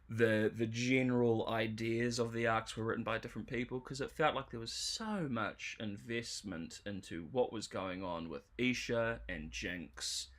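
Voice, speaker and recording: A man in the middle of a livestream, picking apart a show in an exasperated, sarcastic rant. His voice sits at an ordinary middle pitch for a man. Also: fairly bright tone. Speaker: show reviewer streamer. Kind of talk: livestream commentary.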